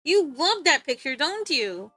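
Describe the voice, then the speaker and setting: A woman's voice: high-pitched, big pitch swings, measured pace, pushed and bright, no room sound, soft background music. A woman streaming live, chatting casually with her viewers, often giggling and talking back to chat. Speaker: livestreamer.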